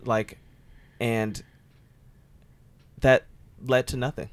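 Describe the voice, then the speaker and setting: A man's voice: level tone, very slow. A man chatting casually, rambling with many filler words and getting exasperated about a TV show. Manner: rambling, lots of "like" fillers, jumps high when exasperated. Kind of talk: casual podcast chat.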